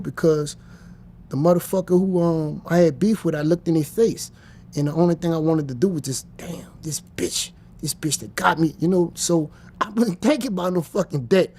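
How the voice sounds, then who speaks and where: A man's voice: fairly high pitch, mellow. A man, telling his story bluntly and profanely as an interview guest. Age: 50s. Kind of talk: casual storytelling.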